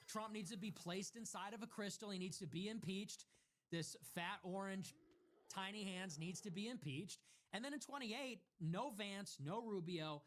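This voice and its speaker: A man's voice: high voice, normal speed. A man speaking as a political commentator in a heated, sarcastic ranting monologue, mocking his targets.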